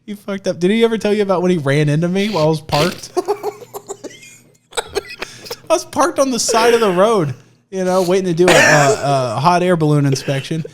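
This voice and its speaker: Young male podcast co-host with a high voice, animated storyteller who laughs a lot. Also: fairly quick, pauses often, noisy background. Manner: animated, laughs through stories, swears freely. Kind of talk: casual storytelling chat.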